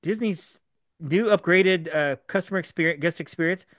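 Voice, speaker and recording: A man co-hosting a podcast in a studio, explaining things in a fast, animated way with lots of fillers. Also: high-pitched, no room sound. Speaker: podcast co-host. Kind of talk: casual podcast chat.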